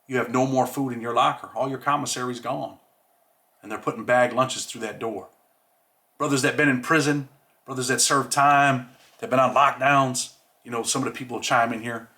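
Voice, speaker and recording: Streetwise man with a bright voice. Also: medium pitch, steady tone, moderate pace. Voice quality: streetwise slang, says "man" often. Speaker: host. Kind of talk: casual monologue.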